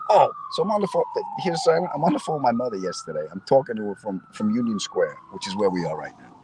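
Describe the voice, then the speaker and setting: A man's voice: medium pitch, huge pitch swings, brisk, heavy background noise. A middle-aged man, a comedian, chatting casually with viewers outdoors in a city square and telling stories with asides to his audience. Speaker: comedian host.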